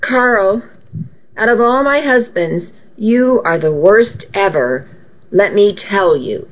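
A woman doing a shrill, vain mother. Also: expressive, slow pace, lo-fi sound. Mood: indignant. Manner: shrill, self-pitying. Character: vain, dramatic middle-aged mother, shrill.

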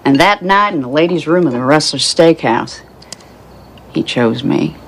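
Blunt mother, low-pitched, lively inflection; movie scene. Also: measured pace, a little hiss or hum. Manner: plain-spoken, low murmuring. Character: blunt, worn-out mother of a grown son.

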